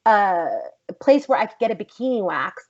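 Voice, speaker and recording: An American actress recounts an episode in a casual podcast chat, emphatic and blunt, with swearing thrown in. Her voice sits at a middling pitch. The recording is a little dull and lo-fi. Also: expressive, normal speed. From United States. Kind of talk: casual storytelling interview. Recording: slightly dull lo-fi podcast audio.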